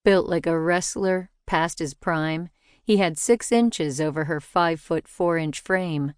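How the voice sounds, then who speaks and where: Low-voiced woman reading a mystery novel. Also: a little slow, a little mellow, clear, resonant tone, dry recording, studio quality. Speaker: audiobook narrator. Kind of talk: scripted narration.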